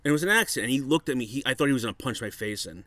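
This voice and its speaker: A man's voice: mid-range voice, very fast, no room sound. Profane man telling a rambling story. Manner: profane, animated storyteller acting out quotes. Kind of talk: casual storytelling chat.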